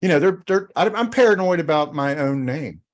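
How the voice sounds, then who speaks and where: A man's voice: fairly high pitch, animated, a little fast. A man hosting a casual podcast chat, easygoing and rambling as he tells a story. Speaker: podcast host.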